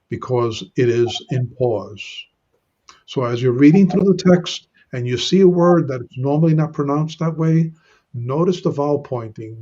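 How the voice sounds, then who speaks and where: Husky man teaching Hebrew grammar. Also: mid-range voice, darkish tone, lo-fi sound. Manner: patient, explanatory, many "uh" and "okay". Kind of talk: online Hebrew grammar lesson.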